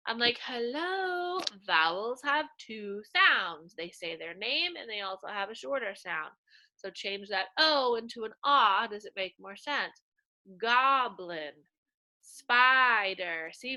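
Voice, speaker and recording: A woman teacher giving a slow, coaxing reading lesson to young children, sounding out words in a sing-song way. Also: mid-range voice, bright, forceful tone.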